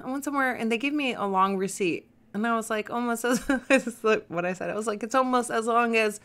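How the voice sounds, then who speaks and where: A woman's voice: a little high, fast, a bit bright. A young woman hosting a podcast, chatting casually and rambling with frequent laughs. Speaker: podcast host. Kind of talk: casual chat.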